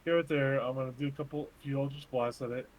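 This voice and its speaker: A man's voice: mid-range voice, fairly even intonation, fast, rough recording. A man playing a tabletop game, hesitant, filling gaps with ums as he works out his turn. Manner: hesitant, many ums while counting moves. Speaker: player. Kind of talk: casual tabletop game chat.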